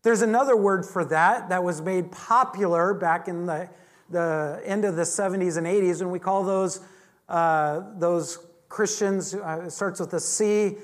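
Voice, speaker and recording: High-voiced man preaching conversationally. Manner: chatty and joking, with frequent restarts. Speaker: Bible teacher. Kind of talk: conversational sermon.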